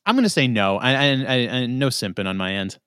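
A man's voice: mid-range voice, big pitch swings, quick pace, fairly bright tone, smooth, no room sound, studio quality. A man co-hosting a podcast, hesitant and stammering as he thinks aloud. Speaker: podcast co-host. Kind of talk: casual podcast chat.

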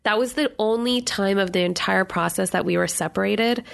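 Woman, very gravelly vocal fry, mid pitch, emotional casual chat. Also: fairly quick. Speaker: new mother, co-host.

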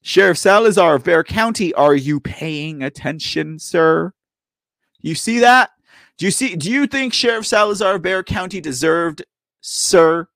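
Man, host, lively high voice, joking and rambling, dry close sound. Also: moderate pace, creaky, dry recording. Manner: playful, rambling, self-correcting, keeps saying ladies and gentlemen. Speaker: host of a political commentary show. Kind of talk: casual live commentary.

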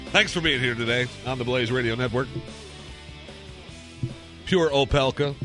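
A man's voice: mid-range voice, quick pace, over music. A man hosting a talk radio show, joking around in a casual monologue with lots of fillers. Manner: jokey, animated, lots of fillers. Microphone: studio microphone.

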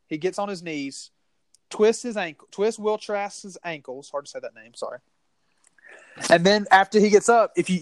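High-voiced Southern man talking football. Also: no room sound. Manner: rambling, heated, many restarts. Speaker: sports podcast co-host. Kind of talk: casual sports talk.

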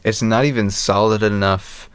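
A man with a fairly low voice talks through a film in a loose, rambling way, acting out bits of scenes as he goes. The sound is dry and close, with no room around it. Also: clear, resonant tone, no echo. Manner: rambling, animated retelling with quick mimicry. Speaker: podcast co-host. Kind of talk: casual movie review chat.

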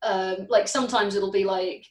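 A woman bassist talks freely about the band, drifting from thought to thought and acting out little quoted exchanges. She sits back from the mic in a reverberant room. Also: steady tone, moderate pace. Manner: open, chatty, rambling, acts out bandmates' quotes. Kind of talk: casual interview chat. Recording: echoey room, distant mic.

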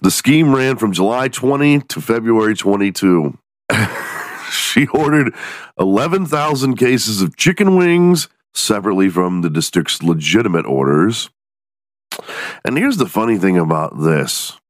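A man from Texas hosting a podcast, ranting in a profane, animated way and acting out the people in his stories. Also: lowish voice, a little slow, no echo. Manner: profane, animated storytelling with mock voices. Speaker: podcast host. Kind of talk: casual comedic podcast rant.

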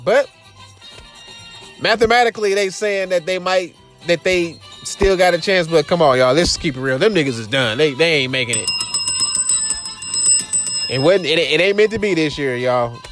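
With music playing in the background, a young man with an AAVE accent hosts a podcast, tossing out loose, profane commentary and laughing asides. His voice is a little high, he talks at normal speed, and he pauses often.

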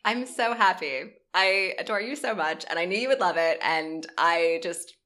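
A woman's voice: on the low side, moderate pace, pushed and bright. A woman podcast co-host in casual chat, giddy and effusive, laughing and swearing.

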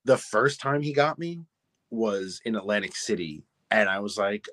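Young male guest, husky and low, dry close mic, casual self-deprecating storyteller. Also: a little fast, fairly bright tone, no room sound. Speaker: podcast guest, wrestler. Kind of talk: casual interview chat.

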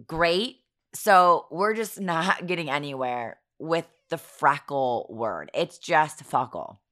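A woman in her thirties hosting a podcast, hoarse, telling funny stories about her kids in a giggly, self-mocking way. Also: low-pitched, bright, forceful tone. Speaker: podcast host. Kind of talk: casual chatty storytelling.

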